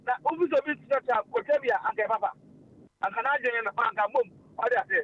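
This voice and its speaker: A high-voiced man chats on a radio stream, animated and loose, with plenty of filler sounds. The sound is dull and lo-fi. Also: fast, slightly rough. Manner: animated, mixing languages, frequent fillers and laughs. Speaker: radio host. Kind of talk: casual radio talk.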